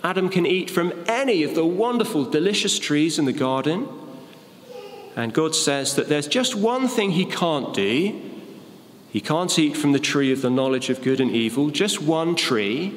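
A man's voice: a little high, expressive, normal speed, slight background noise. A man preaching a sermon, reading Bible verses and explaining them with fillers and a joke. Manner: expository, with fillers and a told joke. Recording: echoey hall with long reverb.

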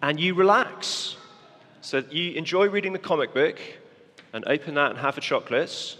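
A man preaches a children's talk, coaxing young volunteers as they act out a parable on stage. His voice is on the high side and expressive, at normal speed, bright and forceful, with a long reverb tail.

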